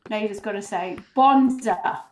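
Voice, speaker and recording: A woman's voice: medium pitch, animated, a little slow, slight background noise. A woman teasing her friends playfully in casual chat during a game. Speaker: fellow player.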